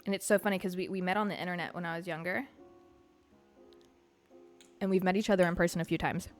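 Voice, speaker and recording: A young woman hosting a podcast, rambling frankly through a personal story, laughing often, and she says she is high. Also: fairly even intonation, fast talker, faint music behind. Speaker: podcast host. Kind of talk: casual confessional chat.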